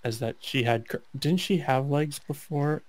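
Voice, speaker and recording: A man with a slightly high, slightly mellow voice reads a fanfic aloud for laughs, with no echo on the recording. His halting, mock-serious delivery is full of stumbles, and he trades jokes with a co-host in this comedic dramatic reading.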